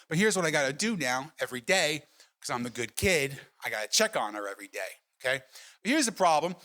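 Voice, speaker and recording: A middle-aged stand-up comedian with a sharp, high-pitched voice tells brash, profane stories to a live comedy club audience, tossing in "right?" asides along the way.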